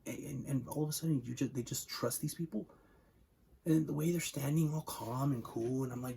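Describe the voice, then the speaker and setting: Gravelly-voiced young man ranting heatedly. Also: mid-range voice, fairly quick, mellow, slight background noise, low-quality recording. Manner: heated, profane, repeats words and says "like" often. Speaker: video game commentator. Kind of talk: casual ranting monologue.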